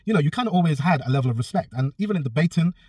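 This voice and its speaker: A man's voice: fairly high pitch, lively intonation, very fast, a little mellow, husky, no room sound, distant mic. A man, a personal trainer telling a story in a casual vlog, blunt and swearing freely. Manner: blunt, swears a lot, acts out both sides of a quarrel.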